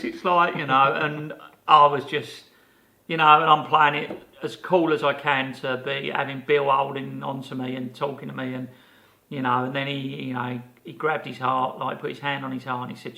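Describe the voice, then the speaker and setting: An older man, co-hosting a podcast and telling a long anecdote in a casual, animated way, full of fillers and restarts. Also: mid-range voice, moderate pace, vocal fry. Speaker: podcast co-host. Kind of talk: casual storytelling chat.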